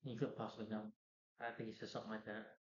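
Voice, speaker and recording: A man's voice: fairly low pitch, little pitch movement, rapid-fire. Rambling man recapping a movie. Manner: rambling, full of "you know" and "like". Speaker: movie reviewer. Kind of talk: casual plot recap. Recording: roomy, dull lo-fi sound.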